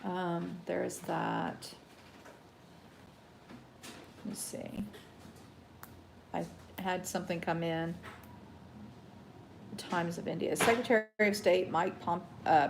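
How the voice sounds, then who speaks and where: A woman hosting a casual live news show, reading headlines haltingly with many ums, chatting to viewers and getting heated about the news. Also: fairly low pitch, vocal fry, noisy background. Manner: reads haltingly with many ums, greets chat viewers, gets heated and worked up. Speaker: host.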